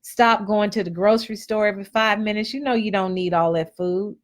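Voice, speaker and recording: A woman's voice: mid-range voice, brisk. A woman host giving blunt, preachy motivational advice in a casual live talk. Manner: preachy and blunt, colloquial, repeats phrases.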